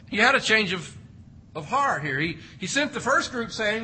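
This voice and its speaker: A man's voice: extremely high pitch, animated, normal speed, bright, forceful tone, slight background noise, rough recording. A man preaching an expository sermon, reading scripture and explaining it with emphatic, varied delivery. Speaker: pastor.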